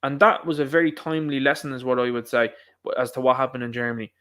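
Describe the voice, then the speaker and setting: A man's voice: medium pitch, level tone, a bit bright. Rambling Irish man, solo commentary. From Ireland. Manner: rambling, emphatic, quick asides. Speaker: podcast host.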